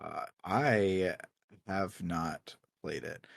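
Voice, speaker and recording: A man co-hosting a podcast, chatting casually about video games in a relaxed, rambling way and laughing often. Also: low-pitched, very slow, gravelly, dry recording, studio quality. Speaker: podcast co-host.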